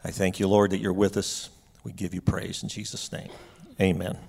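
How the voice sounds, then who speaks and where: A man praying quietly and reverently aloud. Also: low voice, flat delivery, moderate pace, creaky, breathy edge. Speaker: husband praying. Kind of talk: spoken prayer.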